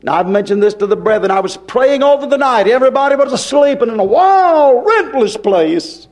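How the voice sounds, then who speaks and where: A preacher man with a high, ringing voice delivers a fiery sermon. He talks in a folksy, impassioned way, climbing to hollers and then dropping low and quiet. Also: expressive, a little fast.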